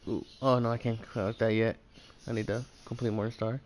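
A man's voice: mid-range voice, little pitch movement, fairly quick, slight background noise. A man streaming a game, rambling and thinking aloud as he plays. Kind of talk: casual gameplay commentary.

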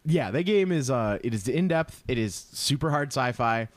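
Male podcast co-host, mid-pitch, dry close mic, profane, giggly storyteller. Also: lively intonation, moderate pace, dry recording. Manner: swears freely, acts out quotes in silly voices, laughs often. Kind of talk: casual gaming chat.

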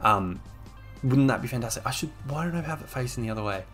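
A man's voice: medium pitch, lively intonation, fast talker, a bit bright, faint music behind. A young man commentating on his own gameplay, exasperated and sarcastic, ranting at a desk microphone. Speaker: game streamer.

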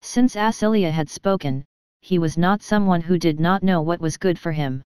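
A woman narrating an audiobook in a steady, even storytelling manner. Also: on the low side, normal speed, clean tone, dry recording. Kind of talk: scripted narration.

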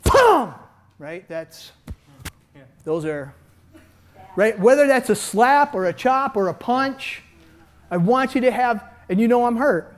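Older male martial arts coach, high-pitched and energetic, punctuating the lesson with shouted sound effects. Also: unhurried, pauses often. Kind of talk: hands-on seminar teaching.

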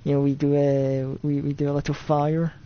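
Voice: mid-range voice, level tone, moderate pace. A Scottish streamer chatting through a horror game live, wandering off into tangents and poking fun at their own jokes. The voice sits in a middling register, caught on a slightly dull, lo-fi mic with a faint hiss underneath. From Scotland. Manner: rambling and self-mocking, jumpy with nervous exclamations. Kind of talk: live gameplay commentary.

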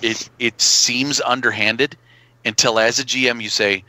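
A man's voice: medium pitch, steady tone, unhurried, sharp tone, dry recording, low-quality recording. A man hosting a podcast, explaining game rules as a game master in casual chat. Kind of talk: casual chat about tabletop games.

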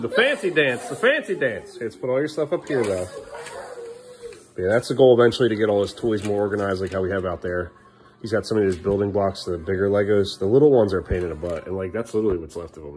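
A man's voice: on the low side, darkish tone, low-quality recording. A man filming a casual family vlog at home, coaxing his young sons and then scolding them in exasperation. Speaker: father and family vlogger.

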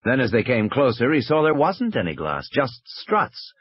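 A man narrating an audiobook in a measured, expressive way. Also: medium pitch, husky, no room sound, highs cut off.

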